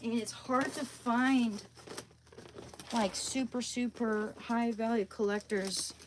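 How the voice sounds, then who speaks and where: A woman's voice: on the high side, fairly even intonation, slow, background noise. A woman live streaming, chatting casually with viewers in a rambling, hesitant way, often searching for words.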